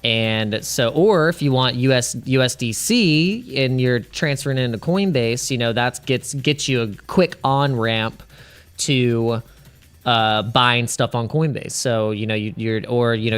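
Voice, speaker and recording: A man's voice: mid-range voice, clear, resonant tone. A man hosting a casual crypto livestream, rambling, restarting his sentences and laughing at his own jokes.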